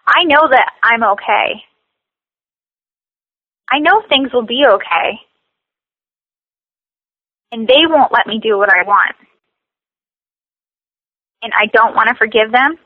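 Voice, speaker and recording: A woman's voice: a little high, animated, no echo. Woman guiding a tapping session over a dull line. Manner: slow, repetitive scripted phrases. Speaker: tapping coach.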